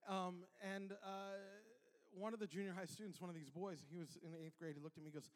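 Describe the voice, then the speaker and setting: A young adult male pastor preaching a sermon in a casual, animated way, with many restarts and fillers. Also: high-pitched, brisk, big-room sound. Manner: animated, many restarts and filler words, acts out scenes loudly. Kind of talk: sermon with a storytelling anecdote.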